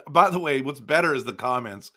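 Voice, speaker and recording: A man hosting a casual live stream for viewers, excitable and exasperated, breaking into loud outbursts. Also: medium pitch. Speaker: livestream host.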